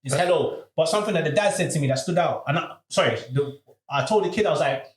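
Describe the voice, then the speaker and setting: Fast-talking high-voiced man. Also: roomy sound. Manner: animated, slang-heavy, acts out the people in his story. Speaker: podcast host. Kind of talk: casual storytelling chat.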